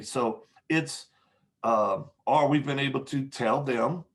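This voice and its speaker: A man, a podcast guest, telling candid stories in conversation, with frequent pauses and restarts. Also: medium pitch. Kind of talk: storytelling in conversation.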